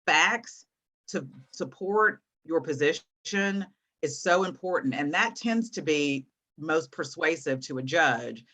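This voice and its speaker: Woman, guest teacher, video call, bright tense voice, encouraging, explains with examples. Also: deep voice. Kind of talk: online class teaching.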